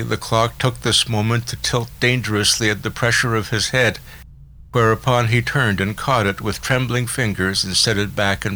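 A man reading a novel aloud as an audiobook narrator, in a measured, literary first-person style. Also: lowish voice, pushed and bright, rough recording. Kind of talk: scripted narration.

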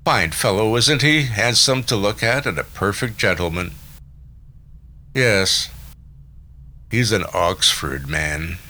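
A man's voice: on the low side, expressive, takes it slowly, long pauses, sharp tone, full character voice. A man voicing a gloomy, sentimental old gangster who talks bluntly and earnestly in a storybook reading. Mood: admiring.

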